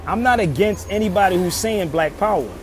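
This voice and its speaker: A man's voice: high voice, fairly quick. A man from Philadelphia giving an impassioned outdoor monologue, emphatic and preachy, repeating his pleas over and over. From Philadelphia, USA. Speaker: social media commentator. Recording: outdoor traffic noise.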